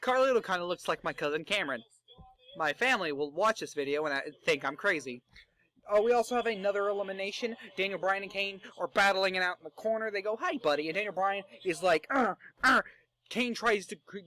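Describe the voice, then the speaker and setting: Bright-voiced excitable young man. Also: high-pitched, quick pace. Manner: excitable, joking, profane. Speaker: fantasy booker. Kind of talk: casual commentary narration.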